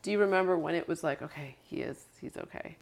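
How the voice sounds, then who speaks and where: A woman interviewer gently reflecting back what her guest shares and asking careful questions. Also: low voice, quick pace, gravelly.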